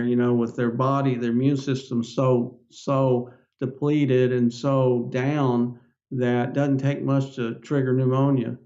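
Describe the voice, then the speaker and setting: A man's voice: medium pitch, mellow, muffled recording. An older man, a podcast guest, telling his story in an earnest, folksy way and acting out the dialogue. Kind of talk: storytelling interview.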